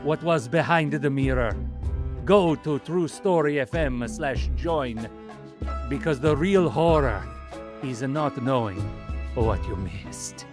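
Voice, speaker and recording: A man doing a hushed, dramatic horror-promo narration in a mock Italian accent over music. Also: medium pitch, slow pace, natural voice. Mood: teasing. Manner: hushed, dramatic, suspenseful delivery. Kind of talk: comic ad read.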